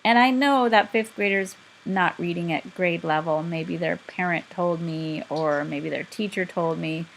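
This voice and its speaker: A woman's voice: fairly low pitch, unhurried, gravelly, hardly any pauses, slight background noise, poor audio. A woman teaching a class, explaining step by step in a patient, direct way. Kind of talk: instructional lecture.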